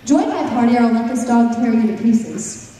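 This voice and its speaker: A woman's voice: fairly high pitch, normal speed, warm tone, a little hiss or hum, lightly acted. A woman voicing a stern young male hero who gives commands and scolds his companions. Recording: echoey hall, far from the mic.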